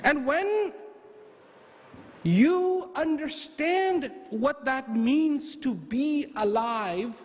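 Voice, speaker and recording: Animated, high-voiced male speaker in a hall. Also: extremely slow. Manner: animated, emphatic, rhetorical questions. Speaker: motivational speaker. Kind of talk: motivational talk with storytelling. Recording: echoey hall with faint ambience.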